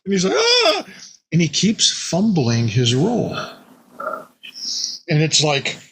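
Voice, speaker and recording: A man telling an old tabletop game story in a casual, animated way, jumping into quick bits of the players' and the monster's voices. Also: a little high, a little hiss or hum.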